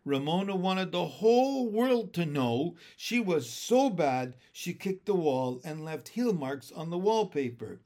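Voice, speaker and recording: Male storybook reader, slightly high voice, expressive and lively. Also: a little slow, few pauses. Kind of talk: reading a children's book aloud.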